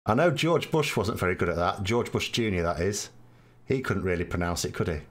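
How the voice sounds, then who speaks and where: A South Yorkshire man hosting a live stream, talking in a loose, rambling way with dry jokes dropped in. His voice sits fairly low but swings up and down a lot as he talks. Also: animated, fairly quick. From England. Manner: chatty, rambling, wry asides. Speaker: podcast host. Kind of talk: live stream chat answering viewers.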